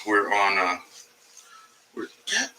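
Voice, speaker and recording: A man's voice: lowish voice, very animated, extremely slow, background noise. A man doing a casual, rambling comedy livestream from home, profane and jumping between topics, talking to his cat along the way. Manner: talks to his cat mid-stream.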